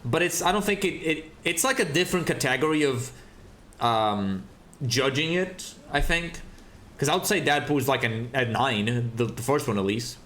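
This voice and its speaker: In an echoey room, a man with a mid-range voice streams a game and chats casually. He rants in an animated way, swearing a lot.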